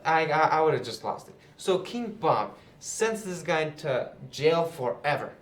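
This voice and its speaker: A man's voice: on the high side, very animated, measured pace, slight background noise. Chatty young man, roomy echo. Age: young adult. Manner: chatty, with many fillers like "you know" and "right". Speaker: youth Bible teacher, channel host. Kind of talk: casual Bible lesson to camera. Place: indoors, seated.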